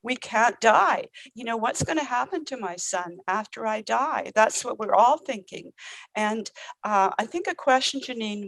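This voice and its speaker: A woman talks earnestly about her family and community, her speech full of small pauses and fillers. Her voice is fairly high. The sound is dry and close, with no room echo. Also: gravelly. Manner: earnest, conversational, many fillers. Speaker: guest, parent and housing advocate. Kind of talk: panel discussion.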